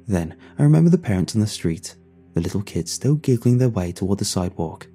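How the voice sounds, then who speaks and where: A man narrating a first-person horror story in a hushed, tense and grief-laden way. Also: lowish voice, big pitch swings, brisk, husky. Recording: soft music underneath.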